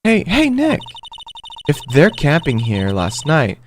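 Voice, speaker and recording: A man voicing an eager, curious young woman sidekick in a mystery game, excited and inquisitive. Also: on the high side, slow pace, a little hiss or hum, heavily acted.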